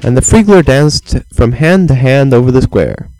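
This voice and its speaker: A man's voice: mid-range voice, lively intonation, normal speed, dark tone, dry recording, low-quality recording. Playful man telling a bedtime story. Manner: playful, meandering, with sound effects and chants. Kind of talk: improvised bedtime story for a child.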